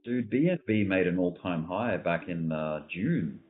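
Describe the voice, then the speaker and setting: A man with a very low voice runs a loose, slangy market chat, thinking out loud as he goes. His audio is thin and phone-like, with a soft bed of music playing under it. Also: expressive, unhurried. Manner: laid-back, slangy, thinking aloud over charts. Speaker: host. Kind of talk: casual crypto market commentary.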